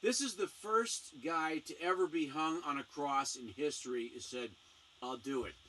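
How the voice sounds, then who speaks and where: A missionary speaker hosts a casual talk show from a small home studio, animatedly telling stories and performing the voices in them. His voice is a little high at a normal speed, picked up by a distant mic with faint background noise.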